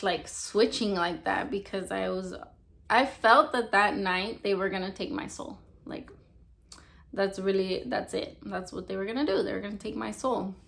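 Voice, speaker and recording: A young woman shares a personal testimony in loose, casual storytelling, leaning on "like" at every turn. Her voice sits at a middle pitch and carries a steady gravelly fry. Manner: rambling, heavy use of "like" fillers. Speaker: testimony speaker.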